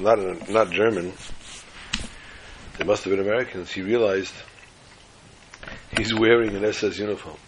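Low gravelly guy spinning a dramatic story, faint hiss in back. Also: rough recording. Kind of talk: religious storytelling.

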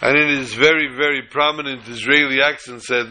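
A man with a bright, forward voice tells a story during a religious talk. His delivery is animated and halting, full of restarts and repeated phrases. His pitch sits in an ordinary middle range. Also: rough recording.

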